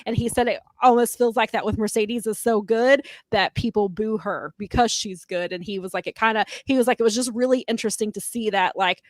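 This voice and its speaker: A woman's voice: a little high, brisk, few pauses, dry recording. A woman co-hosting a wrestling podcast in casual chat, rambling through long retellings with lots of fillers. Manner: rambling, filler-heavy retelling of others' remarks. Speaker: podcast co-host.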